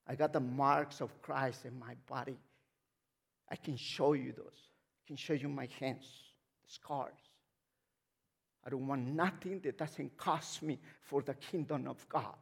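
A man's voice: medium pitch, steady tone, unhurried, gravelly, slightly rough. A man preaching a sermon as a lay missionary, speaking emphatically, repeating words as he builds up and asking the congregation frequent questions.

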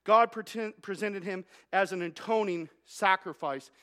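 A male pastor delivering a sermon in a very high, bright, forceful voice. He presses his points with rhetorical questions and repeated lines. He sometimes trips over a word and restarts. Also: measured pace. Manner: emphatic, with rhetorical questions and repetition; stumbles and restarts mid-phrase.

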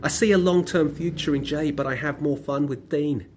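A man voicing a loud, camp young man gossiping on his phone on a bus. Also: a little high, steady tone, moderate pace, slight background noise, pitched above the performer's own voice, lightly acted. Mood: gossipy.

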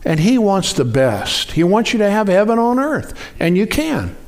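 Animated, conversational male preacher. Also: moderate pace. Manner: conversational, asks the congregation for responses; animated, jumps up in pitch for acted-out quotes. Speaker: pastor. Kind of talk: sermon.

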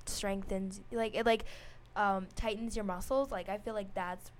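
A teenage girl co-hosting a casual chat show, giggly and animated, talking in quick bursts. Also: medium pitch, slight background noise. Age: teens. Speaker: co-host.

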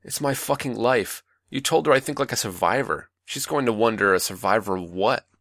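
A man's voice: low voice, brisk, a bit bright, dry recording. A man playing a bitter, wounded young man who talks resentfully and swears, in a dry close recording.

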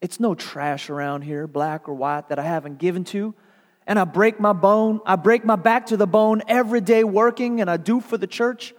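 A man's voice: big pitch swings, a little fast, hardly any pauses, mellow, breathy edge, exaggerated voice. A preacher voicing a self-righteous older churchwoman who snarls indignantly at God. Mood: furious. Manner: snarling, indignant, shrill outbursts. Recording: long hall reverb.

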